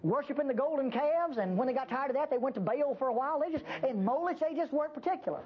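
An older woman preaching a sermon in a church, emphatic, folksy and teasing. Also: fast talker. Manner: emphatic, folksy and teasing, with lively pitch swings. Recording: dull lo-fi recording.

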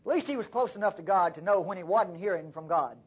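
A male preacher tells a story in a conversational, animated sermon. His husky voice swings widely up and down in pitch. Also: fast talker, dull audio.

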